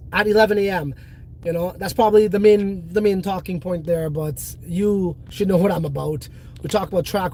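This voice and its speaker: A man's voice: sits high, darkish tone, rough recording. Blunt, profane man ranting on a livestream. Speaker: livestream host. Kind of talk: casual livestream chat.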